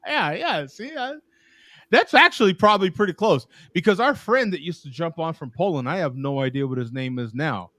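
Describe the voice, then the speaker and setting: A man's voice: on the high side, lively intonation, a little fast, bright, forceful tone, dry recording. A man hosting a casual beer chat, joking and rambling, often laughing. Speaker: podcast host. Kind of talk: casual chat over beers.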